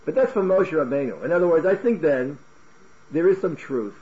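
A man teaching a Talmud class in an animated way, firing off rhetorical questions and restarting his words. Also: a little high, normal speed, lo-fi sound. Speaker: Torah teacher.

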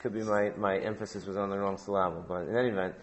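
A man's voice: lowish voice, flat delivery, racing, a little hiss or hum. A man teaching a Talmud class, prompting his students with questions and repeating phrases for emphasis.

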